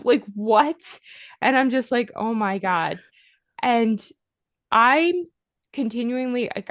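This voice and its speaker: A woman, a podcast guest, telling a story in a casual, animated way, with lots of "like" fillers. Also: mid-range voice, clean tone, dry recording, studio quality. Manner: animated storyteller, heavy use of "like".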